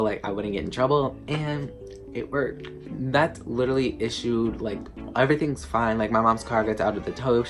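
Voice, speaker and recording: A teenage boy telling a casual storytime, rambling with lots of fillers and "like". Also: medium pitch. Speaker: vlogger. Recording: clear music playing under the voice. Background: background music.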